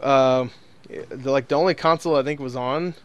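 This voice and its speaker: Smooth-voiced man hosting a casual podcast. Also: mid-range voice, steady tone, normal speed, no room sound, dull audio. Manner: rambling, laughs often, swears freely. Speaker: podcast host. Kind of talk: casual chat.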